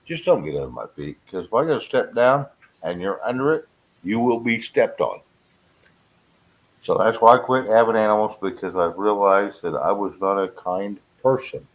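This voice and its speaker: A man's voice: fairly low pitch, lively intonation, moderate pace. A man chatting casually as host, blunt and joking, laughing often. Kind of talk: casual chat.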